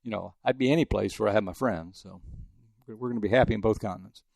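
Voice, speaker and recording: Older guy from el paso, quick gravelly voice, dry close sound, rambling stories. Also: lowish voice, darkish tone, dry recording. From El Paso, Texas. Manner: rambling anecdotes with frequent restarts. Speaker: guest sportswriter. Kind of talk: casual interview storytelling.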